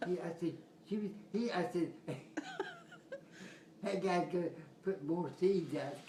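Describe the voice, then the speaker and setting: Older man, rambling chuckling storyteller, slow talker, echoey room with noise behind. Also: sits high. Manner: chuckling often, rambling, folksy. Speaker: grandfather telling family stories. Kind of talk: casual storytelling. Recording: roomy home recording with background noise.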